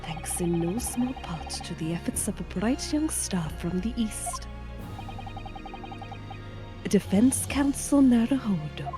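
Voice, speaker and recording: A woman doing a kindly old Welsh judge from a game, formal and ceremonious. Slow, measured delivery with faint game music behind. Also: medium pitch, expressive. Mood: grateful. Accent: Welsh (put on).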